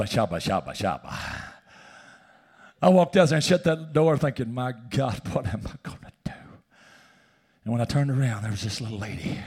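A man preaching a sermon in church, telling a personal story and swinging from shouts down to hushed whispers. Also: sits high. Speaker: pastor. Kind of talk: sermon testimony.

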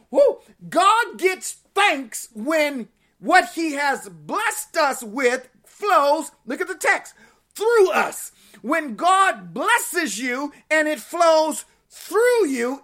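High-voiced woman preaching emphatically. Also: fairly bright tone. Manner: emphatic, repeats scripture phrases, exclaims. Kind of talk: sermon.

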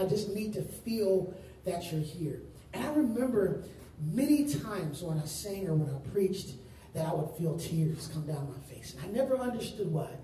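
A male pastor preaching a sermon to a congregation, stressing words and stretching out key phrases slowly. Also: high-pitched, mellow, a little hiss or hum. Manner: emphatic preaching with slow drawn-out phrases. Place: large room with congregation. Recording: very echoey room, distant mic.

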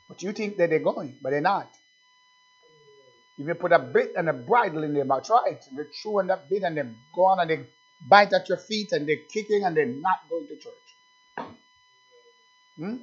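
A man's voice: a little high, normal speed, husky. A man preaching a sermon, emphatic and repetitive, calling out to his congregation with questions. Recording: dull lo-fi recording.

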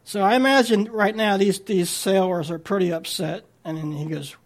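A man's voice: high-pitched, steady tone, moderate pace. A man preaching a sermon as a guest speaker, talking in a conversational way with frequent restarts.

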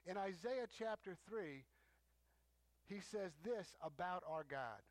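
A man preaching a sermon as a teaching, emphatic, stressing points with rising pitch. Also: lively intonation, takes it slowly, no room sound.

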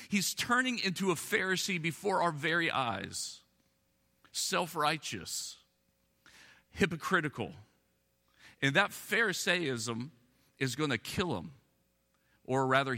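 A man preaching a sermon, moving between quick asides and slow, emphatic phrases. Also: on the high side, bright, forceful tone. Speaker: pastor. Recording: echoey hall.

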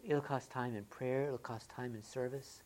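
A woman with a notably low voice preaches a sermon to a church congregation at normal speed. She fires question after question at her listeners, swinging from loud, excited rhetorical questions to quiet, earnest talk.

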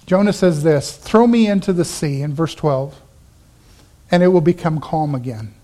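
A man pastor preaching a sermon, animated, acting out the Bible characters in quick asides. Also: on the high side.

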